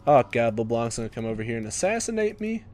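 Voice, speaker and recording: A young man commentating his own gameplay, excitable, swearing and shouting at teammates. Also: medium pitch, fast talker, slight background noise.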